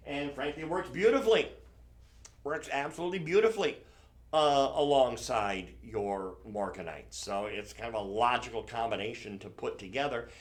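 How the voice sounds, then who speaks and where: A man hosting a live shopping stream, selling jewelry in a chatty, enthusiastic way and correcting himself as he goes. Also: medium pitch. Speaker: shopping channel host.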